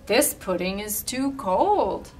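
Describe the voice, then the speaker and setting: A woman's voice: medium pitch, big pitch swings, slow pace, darkish tone, a little hiss or hum. A woman voicing a jolly, sheepish old Santa Claus in a storybook read-aloud, cheerful and exclaiming.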